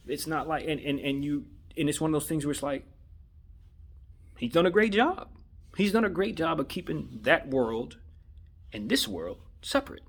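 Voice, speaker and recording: A man's voice: a little high, slightly rough. A man from Los Angeles giving his opinion in a casual monologue, conversational and slangy, often repeating himself for emphasis. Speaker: vlogger giving sports opinion.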